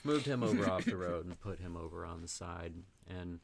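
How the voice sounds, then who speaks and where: A man's voice: deep voice, fairly quick, gravelly, a little hiss or hum. A man from Texas, a podcast host, casually telling a rambling anecdote packed with "like" and acted-out quotes. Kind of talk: casual storytelling chat.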